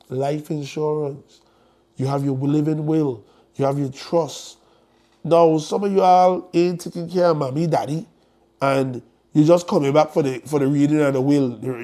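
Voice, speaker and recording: A man's voice: fairly high pitch, gravelly, warm tone. A man, hosting a live stream and speaking bluntly and jokingly as he urges viewers toward estate planning. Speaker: host promoting an estate planning conference.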